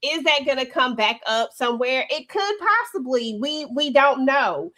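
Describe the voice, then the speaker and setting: A woman's voice: high voice, lively intonation, moderate pace, pushed and bright. A woman chats through a TV episode recap. Her talk is candid and rambling, full of slang and asides. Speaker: show recap host. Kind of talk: casual TV recap chat.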